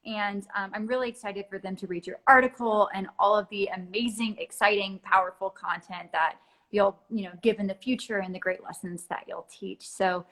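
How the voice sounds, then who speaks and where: A woman with a medium-pitched voice hosts the interview. She backs her guest up with steady encouragement and affirming words. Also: moderate pace, rough recording. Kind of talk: interview wrap-up.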